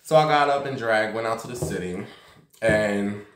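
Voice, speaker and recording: A man's voice: fairly low pitch, normal speed, background noise. A man vlogging casually from a basement room at home, telling a gossipy story and acting out the voices of the people in it. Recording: roomy echo.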